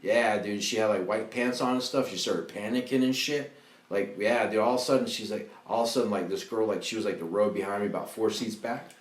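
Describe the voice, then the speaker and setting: A man in his thirties telling rambling, profane stories on a casual comedy podcast, full of slang. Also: a little fast. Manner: profane, rambling, slangy, bursts into high excited voices for quotes. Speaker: podcast host. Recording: roomy echo.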